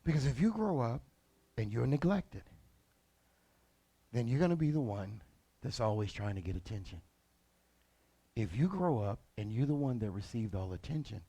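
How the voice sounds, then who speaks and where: A pastor preaching in an animated, colloquial way. His voice swings widely in pitch, with a gravelly, fry-laden texture. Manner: animated, colloquial, acts out characters. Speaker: lead pastor. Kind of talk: sermon.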